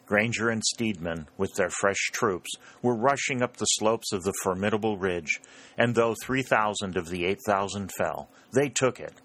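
A man reading a historical war novel aloud in measured, scripted narration. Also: low voice, fairly bright tone. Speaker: audiobook narrator.

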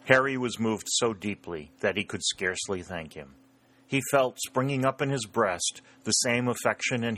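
A man narrates a novel in a steady, measured reading. His voice is fairly low, with a bright, forceful tone. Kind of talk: storybook narration.

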